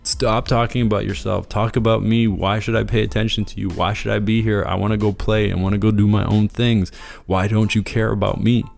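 A man's voice: fairly low pitch, flat delivery, brisk, creaky, a little mellow, faint music behind. A man voicing a client's inner child, whiny and demanding attention for itself. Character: impatient self-centered inner child of a client.

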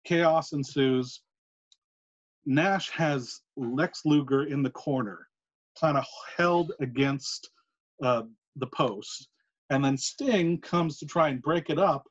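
A man co-hosting a podcast, telling a long story in a casual, animated way with quick asides. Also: fairly high pitch. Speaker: podcast co-host. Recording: muffled lo-fi recording.

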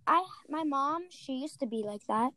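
A high-pitched young woman hosts a casual talk over a call, excitable and gushing. Her voice sounds dry and close. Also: moderate pace, no room sound. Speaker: host.

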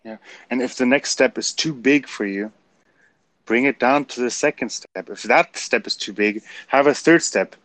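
A man's voice: mid-range voice, normal speed, fairly bright tone, no room sound. A man with a German accent, co-hosting a casual motivational chat and laughing easily. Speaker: co-host.

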